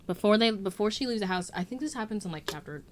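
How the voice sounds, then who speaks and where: A woman's voice: medium pitch, lively intonation, fast talker. A young woman casually retelling a book's plot, rambling with lots of fillers. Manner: rambling, full of "like" and "um". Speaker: guest book reviewer.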